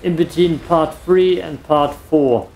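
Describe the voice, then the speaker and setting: Gravelly guy rambling slowly thru a game, dry jokes, faint game sounds behind. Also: fairly high pitch, a little mellow, a little hiss or hum. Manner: dry, self-mocking remarks while playing. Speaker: gameplay streamer. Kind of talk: casual let's play commentary.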